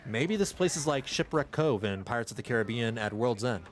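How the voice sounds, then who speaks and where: A man's voice: medium pitch, lively intonation, a little fast. A man streaming a game, chatting and joking casually, often exclaiming in surprise. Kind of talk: casual live-stream commentary.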